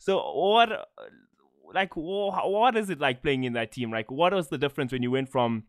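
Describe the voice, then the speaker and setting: A man's voice: on the high side, moderate pace, dry recording, studio quality. A man hosting a casual gaming podcast, rambling and repeating words, laughing often. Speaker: podcast host.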